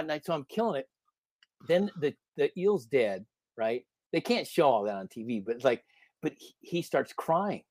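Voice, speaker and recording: Animated storytelling man, dry sound. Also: fairly high pitch, moderate pace, no room sound. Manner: animated, rambling anecdotes with lots of fillers. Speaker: podcast guest, former reality show contestant. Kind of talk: casual storytelling interview.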